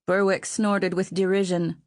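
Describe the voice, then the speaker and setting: A mid-range female voice narrates a scripted audiobook, her storytelling calm and measured. The recording is dry, with clean studio sound.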